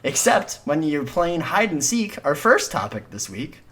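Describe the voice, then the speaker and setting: A man's voice: a little high, very animated, a little slow, a bit bright. A young man co-hosting a casual comedy podcast, teasing his friend, making self-deprecating jokes and laughing often. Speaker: podcast co-host.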